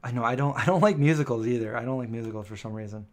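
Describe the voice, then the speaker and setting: Guy doing a casual live stream chat, rambly, lots of ums, mid pitch voice. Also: racing. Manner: chatty, rambling, lots of um and self-correction.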